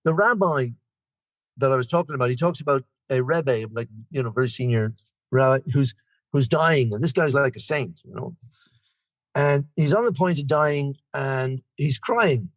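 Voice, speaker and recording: A man's voice: medium pitch, moderate pace, dry recording. A man in his sixties from Ireland with an Irish accent, sharing at a recovery meeting in a rambling, chatty way with self-deprecating humor, over a video call. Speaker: guest speaker.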